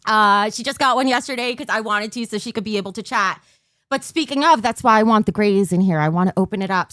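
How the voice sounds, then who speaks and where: A woman's voice: mid-range voice, fast talker, fairly bright tone, dry recording, clean studio sound. An overtired woman hosting a casual livestream, rambling and losing her train of thought. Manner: bursts into a mock auctioneer patter. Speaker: livestream host.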